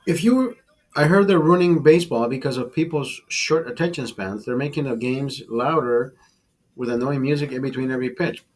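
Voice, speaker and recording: A man's voice: mid-range voice, normal speed. A man hosting a casual live chat over beers, rambling and swearing freely as he tells stories. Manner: rambling, profane, calls listener brother. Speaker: livestream host.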